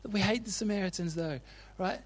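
Casual male preacher, slightly high voice, chatty, keeps asking the room "right?". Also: moderate pace. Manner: chatty and informal, often checks in with the audience. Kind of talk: casual sermon retelling Bible stories.

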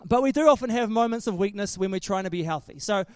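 A man's voice: high-pitched, expressive, fast talker, a little mellow, clean tone, dry recording, clean studio sound. A man preaching a casual sermon in a chatty, joking way, often restarting his sentences.

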